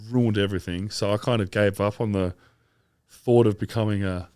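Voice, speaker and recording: An Australian man in his thirties, chatting as a podcast guest in a relaxed, rambling way with frequent laughs. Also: lowish voice, moderate pace, no echo, clean studio sound. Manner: laid-back, rambling, laughs often. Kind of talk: casual interview chat.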